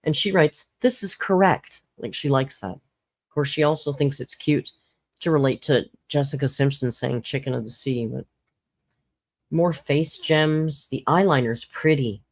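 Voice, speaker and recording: A woman's voice: low voice, a little slow, no room sound. A woman hosting a casual livestream, chatting, laughing often and reading out viewer comments. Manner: chatty, laughs often, reads chat aloud. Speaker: livestream host.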